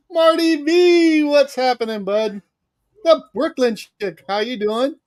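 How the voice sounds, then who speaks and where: A man's voice: extremely high pitch, slow pace, a little mellow. A man co-hosting a casual livestream chat, cheerfully greeting viewers by name. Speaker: livestream co-host.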